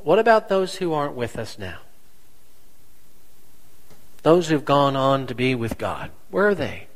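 A man preaching a sermon as pastor, slow and deliberate, asking the congregation rhetorical questions. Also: medium pitch, big pitch swings, poor audio.

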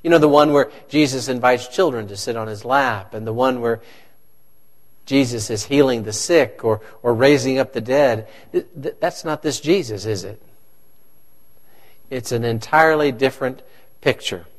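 A man's voice: mid-range voice, moderate pace. A man, a pastor, preaching a conversational sermon and asking his congregation questions.

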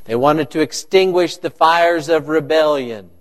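A man preaching a sermon to his congregation, animated and joking with the listeners. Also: on the high side, a little slow. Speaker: pastor.

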